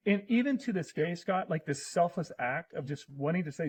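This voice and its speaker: A man's voice: fairly high pitch, expressive, moderate pace, few pauses, husky, rough recording. A middle-aged man in casual conversation as a podcast guest, telling personal stories in an earnest, emotional way.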